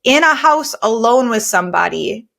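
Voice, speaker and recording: A woman's voice: fairly high pitch, animated, normal speed, vocal fry, fairly bright tone. Earnest woman podcaster. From United States. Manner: earnest, conversational, filler-heavy. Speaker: cleaning business owner and podcast host. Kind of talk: candid storytelling podcast talk.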